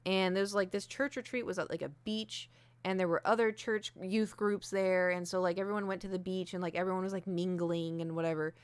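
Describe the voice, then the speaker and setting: A woman's voice: on the low side, fairly even intonation, a little fast, smooth, dry recording. A young adult woman streaming, chatting candidly and self-deprecatingly with lots of fillers. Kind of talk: casual chat. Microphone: desk mic with ring light.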